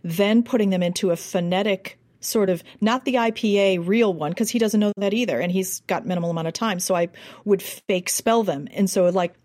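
A woman's voice: medium pitch, brisk. An American woman, a dialect coach, telling stories in an interview and acting out accents as she goes. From United States. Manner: animated, demonstrates accents and sounds. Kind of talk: interview guest, casual storytelling.

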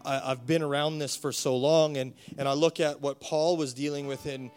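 A man's voice: on the high side, steady tone, moderate pace, a little mellow, smooth, faint music behind. A male pastor preaching a sermon with rising passion, repeating words as he builds his point. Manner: impassioned, rising to emphatic preaching.

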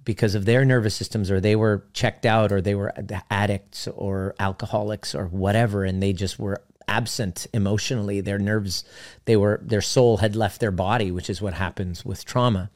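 A man's voice: fairly low pitch, fairly even intonation, normal speed. A man who works as a relationship coach, talking casually and animatedly, acting out his clients' voices now and then. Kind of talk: casual teaching talk.

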